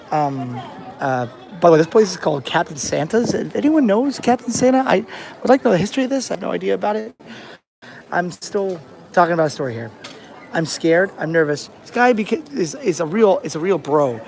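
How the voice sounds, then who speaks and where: A young man from the States talks to his camera outdoors, rambling through a travel story and restarting his sentences often. His voice sits a bit high for a man, and faint outdoor ambience hums behind him. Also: big pitch swings, brisk, gravelly, darkish tone, some chatter behind, slight background noise. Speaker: travel vlogger. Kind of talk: casual vlog storytelling. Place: outdoors on a rainy beach.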